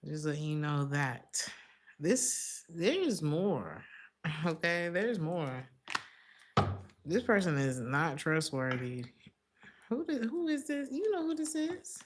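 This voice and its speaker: A woman's voice: low-pitched, very animated, slow, long pauses, slight background noise. A woman giving a casual tarot reading, chatty and slangy, laughing often between remarks. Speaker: tarot reader.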